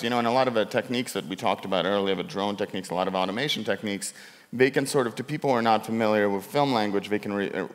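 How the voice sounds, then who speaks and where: A man, a documentary filmmaker, explaining his work on a conference panel in loose, restarting sentences. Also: on the low side. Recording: long hall reverb.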